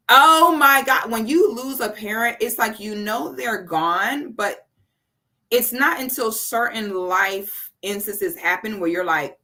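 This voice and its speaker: Woman in her 30s on a birthday live stream, gushing thanks to chat, bright sharp tone. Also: lowish voice. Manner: effusive, thanking viewers by name, reading super chats.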